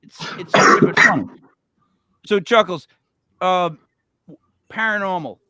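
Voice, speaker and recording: Man, talk-show host, excitable, repeats himself, high bright voice. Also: unhurried, smooth, no echo. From Italian-American. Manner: excitable, stammers and repeats words. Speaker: podcast host. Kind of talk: casual chat.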